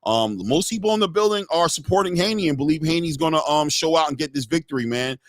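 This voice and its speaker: A man's voice: on the high side, animated, fast, no echo, clean studio sound. A man hosting a live boxing stream, giving casual, slangy fight commentary and talking straight to his viewers.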